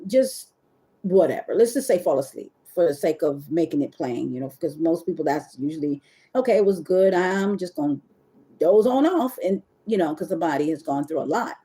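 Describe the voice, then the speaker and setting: A webcam model hosts a livestream, speaking candidly and rambling to her viewers in a casual, confessional way. She is emotional and sometimes near tears, and her voice is mellow and fairly low. The sound comes through a phone or webcam on the live stream.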